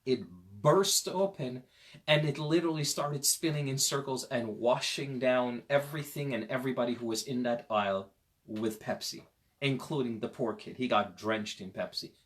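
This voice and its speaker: A male Islamic teacher giving a parenting lecture, his voice set at an ordinary middle pitch. He tells stories with animated swings from forceful emphasis to soft asides and talks straight to the parents listening. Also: moderate pace. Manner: animated storyteller, swings between loud emphasis and quiet asides; conversational, addresses parents directly. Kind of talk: parenting lecture on a Quran verse.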